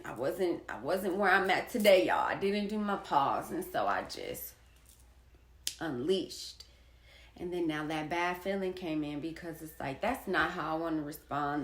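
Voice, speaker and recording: A woman in her thirties, an artist and poet, telling a personal story in a blunt, profane way and hammering her points with repetition. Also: sits low. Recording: echoey room.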